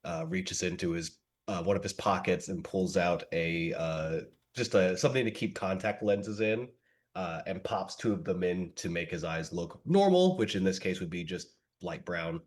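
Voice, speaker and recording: A man playing a tabletop game, describing his character's actions slowly and hesitantly. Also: low-pitched. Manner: slow, hesitant, full of fillers. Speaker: player.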